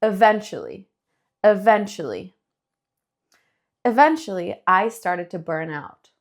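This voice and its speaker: A woman from Spain with a Spanish accent, teaching English pronunciation, stretching words out slowly to model them. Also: mid-range voice, lively intonation. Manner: slow drawn-out modeling of words, then quick explanations. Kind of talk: bilingual language lesson.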